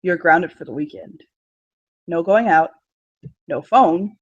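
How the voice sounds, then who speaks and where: A weary, stern father, as a woman puts him on in a tabletop game, speaking in short, clipped phrases. The voice sits lower than her own. It is recorded dry. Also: slow pace, slightly rough, no echo, lo-fi sound. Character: stern but loving father.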